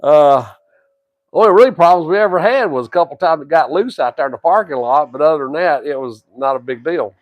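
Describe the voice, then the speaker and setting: A man's voice: a little high, animated, brisk, dry recording, lo-fi sound. A man in his sixties with a drawl, telling a rambling tall tale and chatting casually as co-host. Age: 60s. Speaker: co-host, grandfather. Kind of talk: folksy storytelling and casual wrestling chat.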